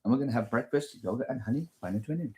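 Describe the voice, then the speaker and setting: In a very noisy casual food vlog and rant, a man talks at a racing pace with a medium-pitched voice. His delivery is crude and over the top, packed with nonstop swearing.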